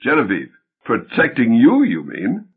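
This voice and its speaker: A man's voice: medium pitch, huge pitch swings, a little slow, slightly rough, exaggerated voice. A man putting on a scornful young wife. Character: sharp young woman, wife leaving her husband. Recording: tinny phone-like audiobook sound.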